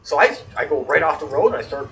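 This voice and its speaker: A man's voice: on the high side, fast, roomy sound. Man, casual storytelling, profane, rambling, distant mic, faint noise. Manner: profane, rambling, animated when annoyed. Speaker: guest telling a story.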